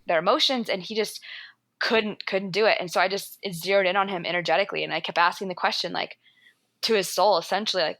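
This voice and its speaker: A woman with an American accent, a yoga instructor guesting on a podcast, talking in an animated way, swearing freely and laughing often. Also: lowish voice, quick pace, dry recording. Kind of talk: podcast conversation.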